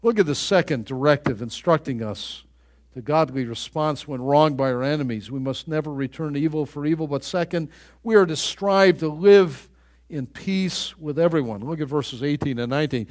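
A man preaching a sermon, reading scripture aloud with earnest emphasis and pausing to find passages. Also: darkish tone. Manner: earnest, rises in pitch and volume on emphatic scripture lines.

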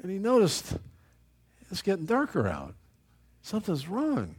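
A male preacher with a somewhat high voice delivers a sermon through homespun stories. He chuckles along with his anecdotes and stumbles through repeated restarts as he talks. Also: huge pitch swings, unhurried, darkish tone, slightly rough. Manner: folksy storytelling, chuckles at his own anecdotes.

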